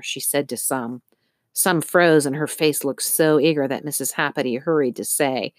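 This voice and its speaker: Woman narrator, low voice, dry close sound, steady reading. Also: moderate pace, dry recording. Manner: steady storytelling, occasional slips. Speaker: audiobook narrator. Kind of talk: scripted narration.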